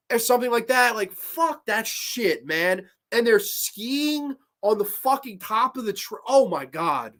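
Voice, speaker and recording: A man's voice: fairly high pitch, a bit bright. A man in his twenties who hosts a live stream, reading chat and ranting about movies in a blunt, profane, casual way. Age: 20s. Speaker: host.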